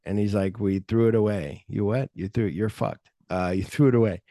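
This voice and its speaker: A man's voice: fairly low pitch, fairly even intonation, brisk, mellow, no echo, studio quality. A middle-aged man hosting a podcast, retelling movie scenes in casual chat and swearing freely. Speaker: podcast host.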